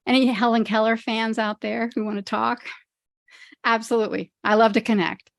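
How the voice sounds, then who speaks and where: A woman's voice: on the high side, little pitch movement, normal speed, vocal fry, no echo, studio quality. A friendly, chatty woman speaking as a podcast guest, who laughs easily. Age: older. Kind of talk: casual interview chat.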